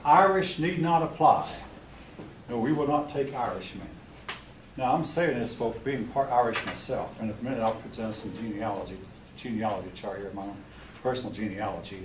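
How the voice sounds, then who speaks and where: A man's voice: fairly low pitch, recorded from a distance. Older male history teacher, blunt and opinionated, recorded from across a roomy classroom with faint hum. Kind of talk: classroom lecture.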